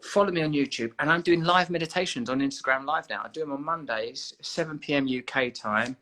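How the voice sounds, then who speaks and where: Bright-voiced man, playful and teasing. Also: fairly high pitch, a little fast. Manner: playful, teasing, then soothing and encouraging. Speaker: host of an Instagram live chat. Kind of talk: casual live-stream chat.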